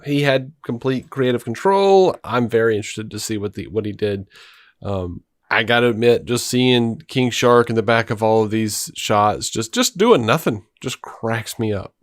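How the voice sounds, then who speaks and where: A man of ordinary pitch co-hosting a podcast in relaxed, casual chat. He talks like an eager fan and chuckles often between his remarks. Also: no echo, clean studio sound. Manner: chuckling, enthusiastic fan talk. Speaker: podcast co-host.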